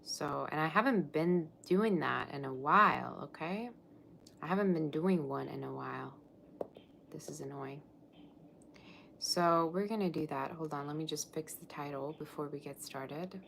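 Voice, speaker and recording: Low-pitched woman, casual live tarot reader, distracted and chatty, light background hiss. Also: normal speed, gravelly, fairly bright tone. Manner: chatty, scattered, self-interrupting. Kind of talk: casual live-stream chat.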